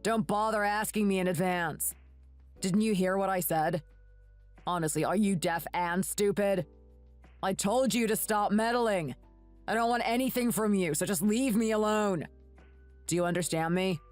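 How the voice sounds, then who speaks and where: A woman's voice: medium pitch, normal speed, no echo, soft background music, lightly acted. A woman voicing a rude, ungrateful adult son who talks in a snappish, contemptuous way.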